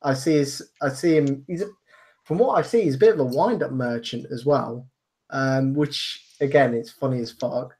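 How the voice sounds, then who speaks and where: A man from England giving his view in a casual panel chat, measured and hesitant with frequent ums. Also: medium pitch, darkish tone. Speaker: panel guest.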